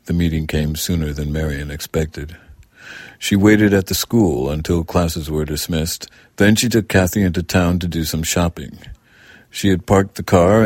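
A man narrating an audiobook in an even, measured reading. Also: low-pitched, no room sound, clean studio sound.

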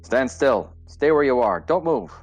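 A man's voice: lowish voice, lively intonation, fairly quick, faint music behind, voice pushed up, poor audio. A man voicing a cold metallic police car. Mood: commanding. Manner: curt, commanding interrogation.

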